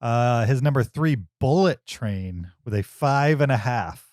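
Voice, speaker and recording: A man's voice: mid-range voice, lively intonation, unhurried, a little mellow, dry recording. A man in his forties co-hosting a movie podcast, chatting casually with a dry, teasing manner. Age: 40s. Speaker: podcast co-host. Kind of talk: casual chat.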